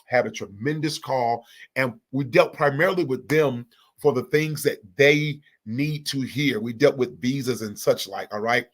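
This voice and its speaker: A man's voice: mid-range voice, moderate pace. A man hosting a church organization's live online chat, energetically calling out viewers by name and blessing them. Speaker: livestream host of a church organization. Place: Indianapolis.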